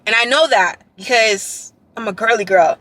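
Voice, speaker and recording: Young woman, bright, fairly high voice, excited rambling vlog story, handheld camera. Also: normal speed. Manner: excited, rambling, quotes others in a lowered voice. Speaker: dance vlogger.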